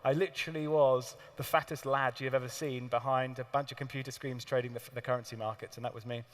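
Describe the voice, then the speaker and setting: A man giving a live seminar talk to an audience, telling stories in an animated way with laughs and the odd swear word. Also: medium pitch, quick pace. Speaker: seminar speaker. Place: large hall with audience. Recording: long hall reverb.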